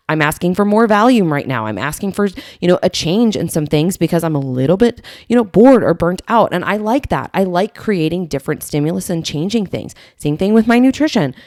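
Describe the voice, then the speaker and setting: A woman's voice: fairly low pitch, a little mellow, dry recording, studio quality. A woman health coach co-hosting a podcast, talking in an earnest, emphatic way. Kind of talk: casual podcast chat.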